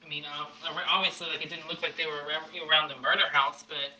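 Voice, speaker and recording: A man with a very bright, sharp voice joins a casual discussion as a guest. He speaks haltingly and keeps restarting. His audio carries an echoey room and faint background hiss. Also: fairly high pitch, flat delivery. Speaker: guest panelist.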